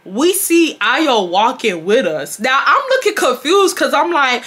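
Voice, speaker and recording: A woman's voice: high voice, big pitch swings, moderate pace, hardly any pauses, fairly bright tone. A young woman telling a vacation story to her viewers in a casual, dramatic, slangy way, often calling them y'all. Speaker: storytime vlogger.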